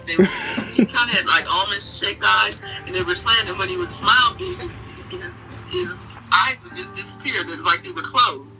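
A middle-aged woman, interviewed as a mother, telling fond family memories in an animated way and laughing often. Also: mid-range voice, normal speed, faint music behind. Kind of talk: casual storytelling in an interview. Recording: voice heard from a distance.

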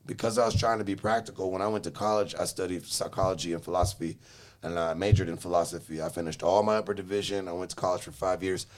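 Young guy from LA, lowish voice, rambling and cussing, laughs a lot. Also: little pitch movement, quick pace. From Los Angeles, Southern California. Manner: profane, rambling, laughs often. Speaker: guest telling his life story. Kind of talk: casual chat.

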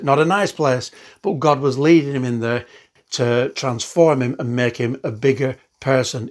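A man's voice: medium pitch, breathy edge. A man giving an online sermon in a conversational, earnest way, with frequent fillers. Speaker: pastor.

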